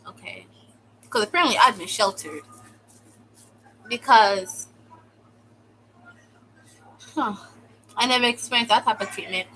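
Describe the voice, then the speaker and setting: Bright-voiced young woman ranting. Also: medium pitch, unhurried, long pauses, a little hiss or hum, poor audio. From United States. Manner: exaggerated, sarcastic, fills speech with "like". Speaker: vlogger telling a personal story. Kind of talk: casual storytime rant.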